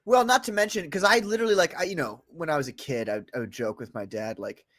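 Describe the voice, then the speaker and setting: A man's voice: fairly high pitch, quick pace, a bit bright, dry recording. A man hosting a casual podcast chat, joking and laughing often as he tells stories. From North America. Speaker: podcast host. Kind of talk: casual banter.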